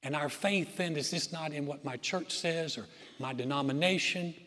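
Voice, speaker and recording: A male pastor preaching a sermon in a church auditorium, telling stories earnestly and dropping to soft, quiet phrases. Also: a little high. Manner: earnest storytelling with dramatic pauses, softening to near-whisper. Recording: reverberant hall with music behind.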